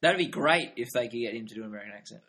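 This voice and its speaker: A man's voice: mid-range voice, animated, very fast, sharp tone. A young man co-hosting a TV review podcast, chatting casually and thinking aloud with fillers. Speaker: podcast co-host.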